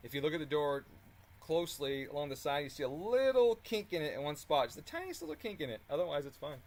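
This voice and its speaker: A man telling a story in a casual, animated way while working on a car, swearing freely and chuckling as he talks. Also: a little high, quick pace. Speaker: car tuning channel host.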